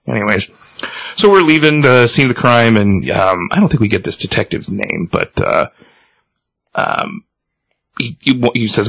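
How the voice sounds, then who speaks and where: A man casually retelling a comic book scene, halting with many ums and restarts. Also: lowish voice, creaky, fairly bright tone, no echo, low-quality recording. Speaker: podcast host reading a comic aloud.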